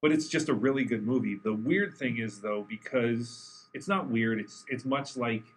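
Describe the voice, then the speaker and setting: A man's voice: mid-range voice, moderate pace, slight background noise, low-quality recording. Enthusiastic joking male podcast co-host. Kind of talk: casual chat. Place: studio in Los Angeles.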